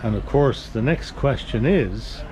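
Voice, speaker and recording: A middle-aged Irish man talks casually into a handheld action camera, rambling along with fillers. He is outdoors on a busy street. Clear traffic and street noise sits behind his voice. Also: mid-range voice, animated, unhurried. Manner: chatty and easygoing, rambling with fillers. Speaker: travel vlogger.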